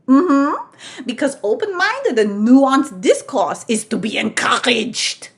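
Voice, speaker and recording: A woman's voice: sits high, big pitch swings, vocal fry, full character voice. A woman voicing an imperious, scheming witch queen with an exaggerated put-on foreign accent in a comedy impression. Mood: menacing, theatrical. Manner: theatrical, slow menacing commands with sudden shrieks. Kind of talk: live-stream comedy impression.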